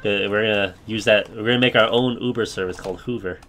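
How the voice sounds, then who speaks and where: A man's voice: on the low side, fairly even intonation, quick pace, fairly bright tone, a little hiss or hum. A man bantering playfully in a casual gaming voice chat. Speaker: fellow gamer in voice chat.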